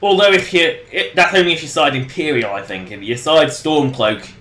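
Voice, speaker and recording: A man's voice: on the high side, fairly quick, fairly bright tone, roomy sound. A man casually commenting on his game during a livestream, rambling and joking and laughing at his own jokes. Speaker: game streamer.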